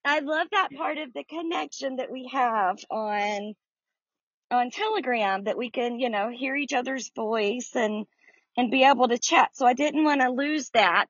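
A woman's voice: on the high side, normal speed, fairly bright tone, slightly rough, dry recording. A woman hosts a Bible study in a friendly, chatty tone and greets listeners by name. The sound is dry and close, with slightly muffled lo-fi audio. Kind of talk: casual chat. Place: outdoors in the sun.

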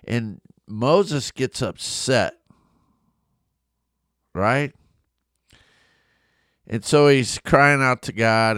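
A man, a pastor, retelling a Bible story in a casual, animated way and asking his listeners questions. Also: lowish voice, clean tone, no echo, studio quality. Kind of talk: casual Bible study talk.

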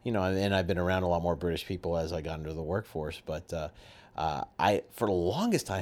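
A man from North America hosts a casual podcast chat in a very deep voice. He talks freely, often restarts his sentences and laughs easily along the way. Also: quick pace, a little mellow. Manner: chatty, frequent restarts and laughter. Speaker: podcast host.

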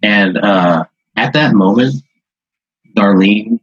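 Husky-voiced man rambling through a story. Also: on the low side, takes it slowly, no room sound, highs cut off, soft background music. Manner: rambling, laughing, acting out quoted voices. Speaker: host. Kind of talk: improvised storytelling in casual chat.

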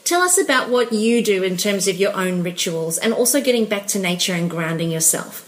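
A woman's voice: medium pitch, expressive, brisk, poor audio. A woman hosting a podcast, reading out the show's sign-off in a bubbly manner and laughing often. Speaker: podcast host. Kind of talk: scripted show wrap-up.

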